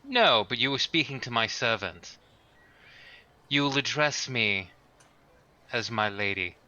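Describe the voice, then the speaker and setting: A man's voice: mid-range voice, very animated, measured pace, bright, forceful tone, full character voice. Man playing a haughty noble lady. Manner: commanding, proper. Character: haughty high-ranking noblewoman. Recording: dull lo-fi mic.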